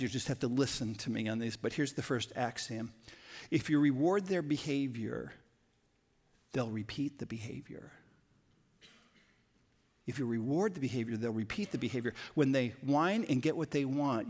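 Guy preaching a sermon, chatty and story-driven, gets loud and animated at times, repeats his main points. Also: mid-range voice. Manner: conversational, repeats key lines for emphasis; animated storytelling with sudden bursts of loudness. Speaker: pastor.

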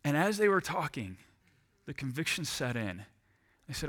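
A man preaching a sermon as a pastor, telling lively personal stories to make his points. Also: a little high, moderate pace, pauses often. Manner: lively storytelling with personal anecdotes.

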